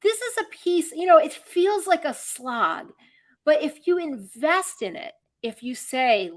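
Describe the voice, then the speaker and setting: A woman's voice: high-pitched, sing-song, a little slow. A middle-aged woman from Michigan hosting a political podcast, talking earnestly and rambling with lots of fillers and restarts. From Michigan, USA. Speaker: podcast host. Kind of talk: casual political podcast chat.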